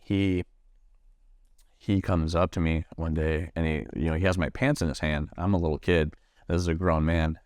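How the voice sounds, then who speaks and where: A man from Nebraska, a Marine veteran, telling his own story in an interview, halting with many fillers and restarts and swearing freely. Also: low-pitched, clear, resonant tone, no echo, clean studio sound. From Nebraska, USA.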